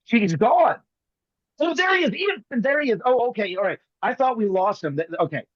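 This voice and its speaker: A man guest on a video call, riffing and joking fast with bits of mimicry. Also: very high-pitched, very animated, dry recording, dull audio. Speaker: guest magician. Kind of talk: comic banter on a video call.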